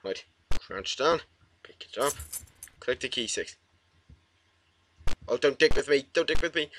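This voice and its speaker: A man narrating his own horror game session into a desk mic, jumpy and swearing as he talks back to the game. His pitch sits mid-range for a man but swings a lot, and a faint hiss runs under him. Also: expressive, unhurried, fairly bright tone, rough recording. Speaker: gamer.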